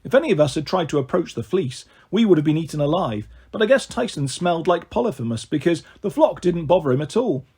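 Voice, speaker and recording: Animated husky male storyteller. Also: a little high, fast talker, few pauses. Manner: expressive, animated first-person narration. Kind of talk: reading a novel aloud.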